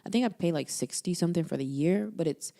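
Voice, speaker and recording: Young woman cohost, low dark voice, easygoing, lots of mm-hmms. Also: quick pace, gravelly. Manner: attentive listener, frequent murmured agreement. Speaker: podcast co-host. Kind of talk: casual chat.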